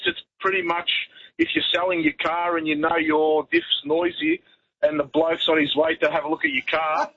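A man's voice: fairly high pitch, vocal fry, husky. Matey male caller on phone. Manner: matey, laid-back, wry. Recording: muffled phone line with faint noise.

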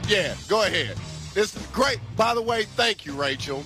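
A man co-hosting a sports radio show, easygoing and quick to agree and laugh along. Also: high voice, expressive, sharp tone, faint music behind. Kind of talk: casual sports talk.

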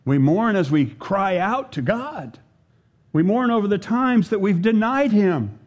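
A man preaching a sermon as a pastor, earnest and unhurried, leaning hard on scripture readings and pausing for effect. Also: high-pitched, expressive, a little mellow. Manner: earnest, slow preaching with dramatic pauses and emphatic scripture readings.

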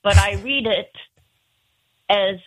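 A woman in her sixties, a first-time caller to a radio show, chatting in a halting, apologetic way over a phone line. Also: mid-range voice. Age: 60s. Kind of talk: radio call-in chat.

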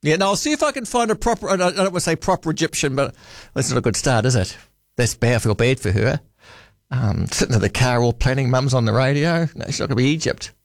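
A man's voice: medium pitch, lively intonation, fast, no echo, clean studio sound. A man hosting a radio phone-in, chatting and musing aloud. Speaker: radio host. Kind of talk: casual radio chat.

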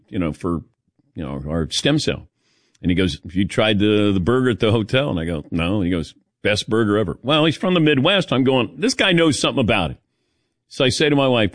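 Sports radio host, male, animated storyteller, dry studio sound. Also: fairly low pitch, no room sound. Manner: animated storyteller, acts out quotes. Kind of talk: casual sports radio chat.

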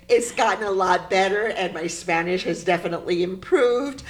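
A woman poet being interviewed, telling stories in an animated, emphatic way. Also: medium pitch, normal speed, hardly any pauses. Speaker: poet guest. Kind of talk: interview conversation.

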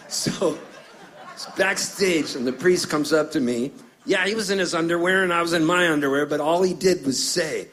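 A man's voice: on the high side, normal speed, a bit bright. A middle-aged man from Canada, a singer-songwriter telling stories between songs on stage, chatty and jokey, acting out the voices of people in his tales. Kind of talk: storytelling stage banter.

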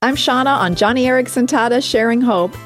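A woman's voice: a little high, a little fast, soft background music. A woman co-hosting a christian radio show, introducing a question in a friendly, conversational way. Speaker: radio co-host.

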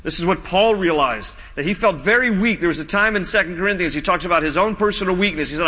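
A male pastor preaching a sermon, slow and emphatic, dropping low and soft on key lines. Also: big-room sound, poor audio.

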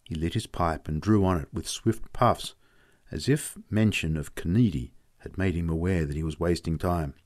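A man reading a story aloud in a measured storytelling manner. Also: sits low, darkish tone.

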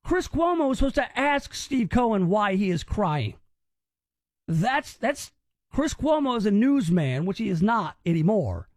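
A male talk radio host comments on news clips in a mocking, incredulous tone. His voice sits high and leaps around with animated swings in pitch. The sound is dry and close. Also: unhurried, no echo.

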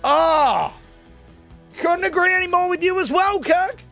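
A man's voice: very high-pitched, a little slow, gravelly, faint music behind. A male radio host, ranting comically and with lots of energy into a studio microphone. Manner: animated, ranting, jokey. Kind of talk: comedic radio rant.

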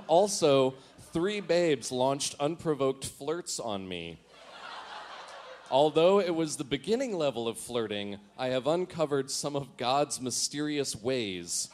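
A man's voice: mid-range voice, lively intonation, slow, darkish tone, a little hiss or hum. Self-mocking man reading his old diary. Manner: self-mocking, laughs at his own writing. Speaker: storyteller.

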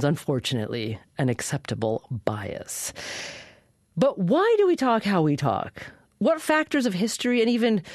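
A woman hosting a public radio talk show, speaking in an articulate, measured way. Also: sits low, no room sound, clean studio sound.

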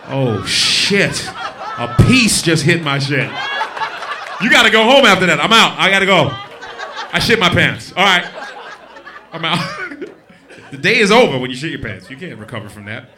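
A man's voice: a little high, very animated, normal speed, long pauses, slight background noise. A man doing a crude stand-up set in a comedy club, laughing at his own jokes and acting out voices. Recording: club with loud audience laughter.

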